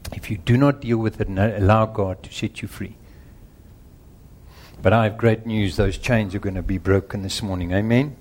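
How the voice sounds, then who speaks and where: A man's voice: on the low side, a little mellow. Middle-aged guy preaching, earnest and emphatic, laying out his points one by one. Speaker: pastor. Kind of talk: sermon.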